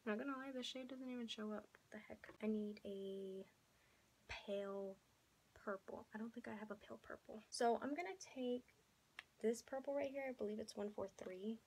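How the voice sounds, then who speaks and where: A young beauty vlogger chats casually through a makeup tutorial, often slipping into soft, half-whispered asides. Her voice is hoarse and on the high side because she's losing it, her pace is moderate, and the recording is low quality.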